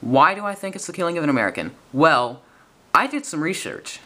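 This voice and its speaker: A young man giving casual, excited gameplay commentary, rambling and correcting himself as he goes. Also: a little high, a little fast. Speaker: gaming video commentator.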